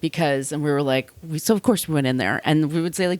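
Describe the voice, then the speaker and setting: A woman podcast host telling a true-crime story in casual chat, sardonic and quick to laugh. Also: low voice, darkish tone, no room sound, clean studio sound. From Long Island, New York. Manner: chatty, sardonic, laughs often, slips into put-on voices.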